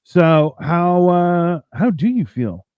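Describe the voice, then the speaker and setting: A Canadian man co-hosts a podcast in casual chat, rambling through stories and acting out other people's quotes in raised voices. His voice is high-pitched with lively intonation, smooth and slow-paced. The recording is lo-fi with no echo.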